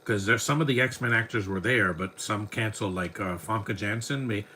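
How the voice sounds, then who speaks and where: A man's voice: on the low side, normal speed, sharp tone, a little hiss or hum, poor audio. A man around forty, a podcast host, chatting in a rambling way as he watches a movie and comments on it. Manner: rambling, chatty fan talk.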